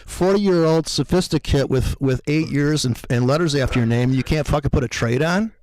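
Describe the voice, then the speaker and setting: A man's voice: a little high, a little fast, a little mellow, no echo. A man talking about trading in a heated, profane rant that mocks other traders. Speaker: trader co-host. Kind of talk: animated trading talk.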